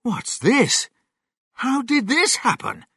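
Reader playing excited farmer dad, middle-aged, quick raised voice, storybook. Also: medium pitch, gravelly, breathy edge, dry recording, clean studio sound, voice pushed up, full character voice.

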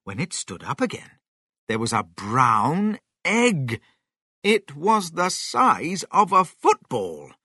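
Slow expressive reader doing a kids story, bright voice, very dry. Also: medium pitch, breathy edge, dry recording. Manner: slow, expressive, sing-song. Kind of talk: children's story narration.

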